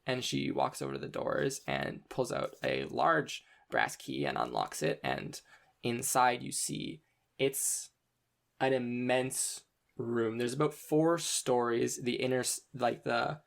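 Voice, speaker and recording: Gravelly, meandering game master narration. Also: medium pitch, animated, slow pace. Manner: meandering, many ums and restarts.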